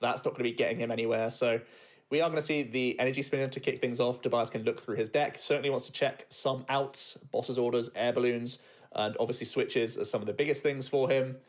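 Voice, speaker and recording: A man with a mid-range voice co-commentates a competitive card game. He sounds relaxed and laughs lightly as he breaks down each play. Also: medium pitch, fairly quick. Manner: relaxed, chuckles often while explaining.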